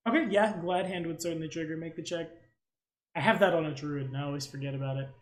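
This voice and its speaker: A man narrating as game master of a tabletop game, casual and rambling, with a teasing edge. His voice sits a bit higher than most men's. It rings in an echoey room. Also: fast.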